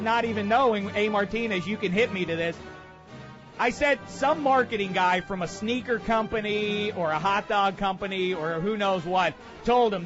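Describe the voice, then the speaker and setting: A man's voice: high-pitched, moderate pace, fairly bright tone, dull audio, soft background music. A man hosting a comedic sports radio segment, ranting sarcastically and with heavy emphasis. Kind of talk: comedic sports commentary rant.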